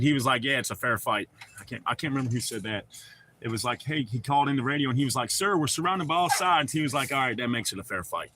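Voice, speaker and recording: Hosting a livestream, this man swears freely, cracks jokes, and responds directly to chat in a casual conversation with his viewers. His voice is medium in pitch, bright and pushed, and the recording carries a bit of hiss or hum.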